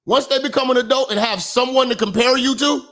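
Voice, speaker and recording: A man giving a profane, comedic commentary monologue in a preachy, emphatic way, now and then breaking into shouts. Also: extremely high pitch, fairly even intonation, brisk. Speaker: online commentator and minister.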